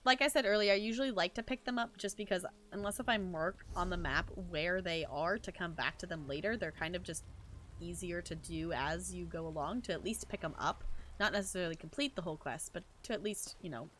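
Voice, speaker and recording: A woman's voice: on the low side, brisk, a bit bright, a little hiss or hum. A woman game streamer chatting casually as she plays, thinking aloud and laughing often. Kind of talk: casual chat while playing a game.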